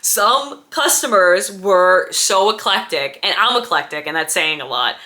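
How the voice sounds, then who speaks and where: A woman in her thirties casually telling a personal story, animated and acting out quoted dialogue, with lots of "like" and "right?". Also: medium pitch, measured pace. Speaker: former diaper service owner.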